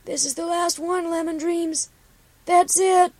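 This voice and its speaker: An anxious young pony mare from a storybook, pitched well up and calling out in a pleading, strained voice, as a woman reading the tale puts her on. She sounds as if she is shouting to a friend from across a hill. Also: moderate pace, dry recording, natural voice. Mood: worried. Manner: high, pleading, raised voice.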